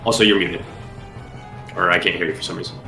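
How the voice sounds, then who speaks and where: A man running a tabletop game over a call, getting over a cold, relaxed and working out the rules aloud. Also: deep voice, quick pace, creaky, reverberant, soft background music, rough recording. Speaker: game master.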